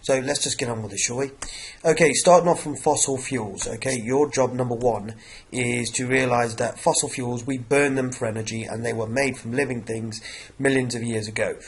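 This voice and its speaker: Croaky-voiced man teaching a revision lesson. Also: mid-range voice, steady tone, moderate pace, a little hiss or hum. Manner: repeats "okay" and "obviously" often. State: croaky from a cough.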